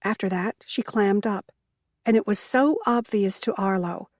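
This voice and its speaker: A woman narrating a cozy mystery audiobook in a measured storytelling manner. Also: mid-range voice, no room sound, studio quality. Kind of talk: scripted narration.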